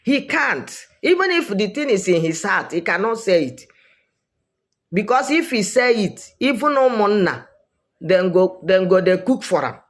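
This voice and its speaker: A woman with a Nigerian accent giving opinionated social commentary, emphatic and repeating her points for weight. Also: mid-range voice.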